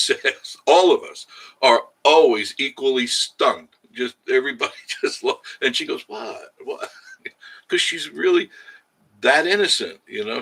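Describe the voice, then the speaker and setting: Bright-voiced chatty male channel host. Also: medium pitch, breathy edge, poor audio. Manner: chatty, rambling, laughs often. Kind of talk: casual live-stream chat reading viewer comments.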